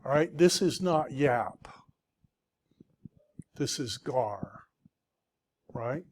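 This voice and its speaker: Middle-aged male teacher, slow and deliberate, patient classroom lecture with frequent check-ins. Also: medium pitch, animated, a little mellow, breathy edge. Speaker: Greek teacher.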